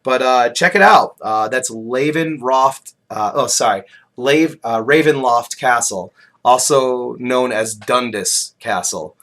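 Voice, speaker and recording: A man's voice: medium pitch, measured pace, fairly bright tone. Hesitant, modest male podcast guest. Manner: modest and hesitant, many ums and uhs. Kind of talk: casual podcast chat.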